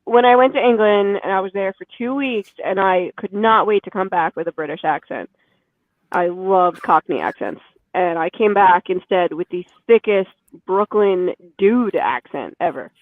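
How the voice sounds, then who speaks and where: Animated New York woman, co-host, heard through phone-like tinny audio. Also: fairly low pitch, normal speed, no room sound. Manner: animated storyteller. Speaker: livestream co-host. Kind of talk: casual chat.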